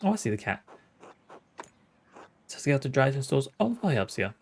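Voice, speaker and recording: Brisk and creaky, a medium-pitched male voice swings widely in pitch as a man in his late thirties streams a game. He reads the dialogue aloud in casual let's-play fashion, offering wry, sweary, chuckling asides.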